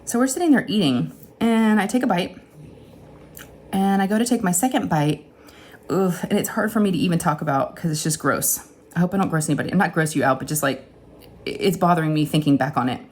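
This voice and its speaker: A middle-aged woman telling a casual, chatty story straight to her viewers, animated and often acting out what people said. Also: lowish voice, brisk. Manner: chatty, animated retelling with acted-out quotes and laughs. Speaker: crafting channel host.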